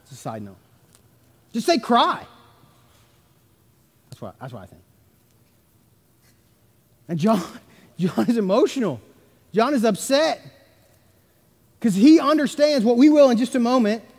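A man preaching a sermon as pastor, emphatic, swinging between loud stresses and hushed asides. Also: very high-pitched, very animated, unhurried, long pauses, breathy edge. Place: church sanctuary. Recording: long church reverb.

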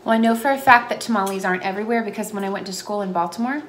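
A woman's voice: medium pitch, very fast. A woman, a mother, chatting and telling stories with lots of giggles in a casual home vlog. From Texas. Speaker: family vlogger, mother. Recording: home video with steady background noise.

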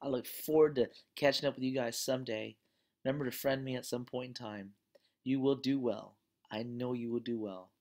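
Give me a course instructor closing out the week with a relaxed spoken story. The delivery is conversational and full of fillers, then turns earnest and encouraging. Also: mid-range voice, normal speed.

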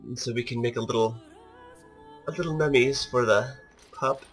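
A man hosting a let's play in casual, joking commentary, with a raspy voice from a sinus cold. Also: mid-range voice, normal speed, fairly bright tone. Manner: joking, chatty. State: congested from a sinus illness. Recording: voice over game music.

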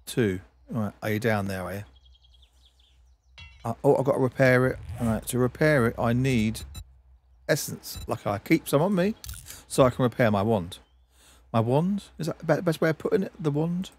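A man's voice: mid-range voice, expressive, moderate pace, a little mellow, slightly rough. A man streaming a game, giving chatty let's-play commentary and talking to himself and to objects on screen.

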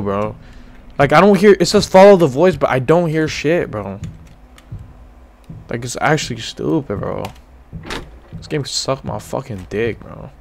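Mid-range and a little mellow, his creaky voice has lively intonation and a measured pace with long pauses. This young man gives live commentary on a horror game, cursing heavily, saying "bro" nonstop, and yelping at scares before muttering to himself.

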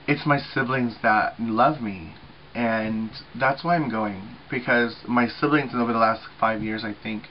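A man's voice: mid-range voice, dull audio, slight background noise. A man in his thirties chatting casually to camera for a group channel, talking freely with lots of swearing and filler words. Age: 30s. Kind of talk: casual weekly video chat.

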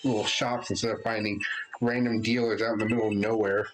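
Chill low-voiced guy reading game dialogue out loud, game music behind. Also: a little fast, poor audio. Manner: relaxed, chatty, thinks aloud with restarts. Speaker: let's play host. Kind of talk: casual gameplay commentary, reading game text aloud.

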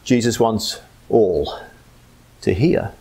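A man with an Australian accent preaching a sermon as pastor, swinging between loud emphatic lines and low hushed ones. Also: lively intonation, slow pace, creaky, slightly rough.

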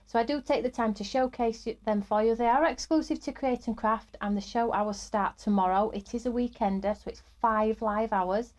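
A woman's voice: fairly high pitch, steady tone, moderate pace, few pauses, darkish tone. A woman, middle-aged, hosting a live craft stream in an upbeat, chatty way and greeting viewers by name.

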